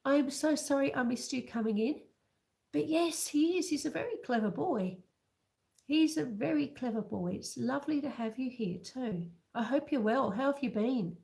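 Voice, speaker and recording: A woman hosting a casual home livestream, chatting slowly with viewers and reading out their comments. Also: high voice, gravelly, a little mellow, roomy sound. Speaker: livestream host. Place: home kitchen. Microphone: computer webcam.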